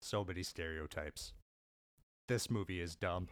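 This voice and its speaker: A man with a lowish voice tearing into a movie in a mock-indignant, emphatic comic rant. The sound is dry and close, with no room in it. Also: a little slow, no room sound. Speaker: podcast co-host making an opening statement. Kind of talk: comedic mock courtroom argument.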